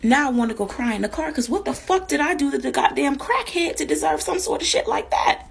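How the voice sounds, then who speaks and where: A woman from Florida telling a comic story in an animated, profane way, acting out the people in it. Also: high voice, brisk, vocal fry.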